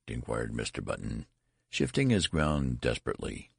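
Gravelly, very deep male storyteller. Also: sing-song, normal speed, dry recording, studio quality. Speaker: narrator. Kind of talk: storybook narration.

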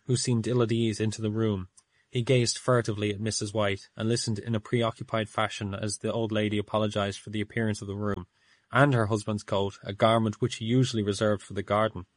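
A man narrating an audiobook in a measured storytelling manner. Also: fairly low pitch, dry recording. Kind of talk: audiobook reading.

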